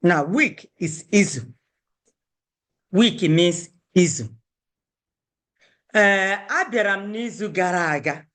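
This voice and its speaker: A woman's voice: fairly low pitch, expressive, slow pace, pauses often, a bit bright. Woman teaching on a video call. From Owerri, Nigeria. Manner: explains patiently, repeating Igbo words and mixing them into English. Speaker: Igbo language teacher. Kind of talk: online language class.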